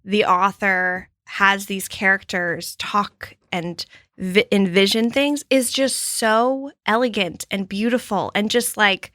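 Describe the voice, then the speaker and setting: A woman co-hosting a casual podcast chat, agreeing often and speaking in an unhurried way. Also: medium pitch, steady tone, no echo, studio quality. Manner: unhurried, warmly agreeing with frequent affirmations. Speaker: podcast co-host.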